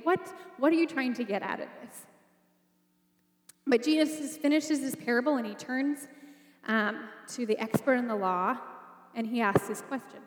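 A woman with a high voice preaches a sermon, telling the story in a relaxed, conversational way. She keeps pulling in her listeners with rhetorical questions. Her voice rings through a large hall with a long reverb. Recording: echoey hall.

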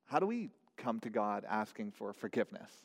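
A male pastor delivers an earnest, searching sermon, repeating words and posing probing questions. His voice sits on the low side and sounds gravelly, moving briskly with big swings in pitch. A long hall reverb surrounds it.

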